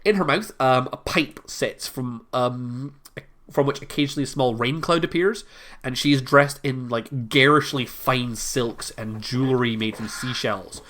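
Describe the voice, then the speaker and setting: A woman's voice: rumbling low, normal speed, a bit bright. A woman narrating a tabletop game as game master, casual and hesitant with frequent fillers.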